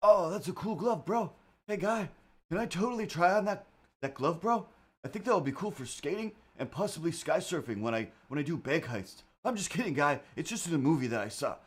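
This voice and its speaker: A man putting on a high surfer-bro cat. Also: animated, a little fast, husky. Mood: excited. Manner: drawling bro slang. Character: laid-back surfer-dude male cat.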